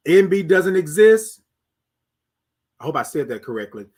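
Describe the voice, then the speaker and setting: A man with a Texan accent hosting a live morning stream, chatting with viewers and singing out long, drawn-out greetings. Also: fairly high pitch. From Texas. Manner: animated, sings out drawn-out greetings. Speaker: host.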